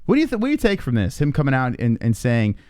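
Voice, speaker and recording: A man's voice: medium pitch, wildly swooping pitch, very fast, a little mellow, smooth, no room sound, studio quality. A man hosting a casual live stream, joking around and swearing, chatting with his co-host.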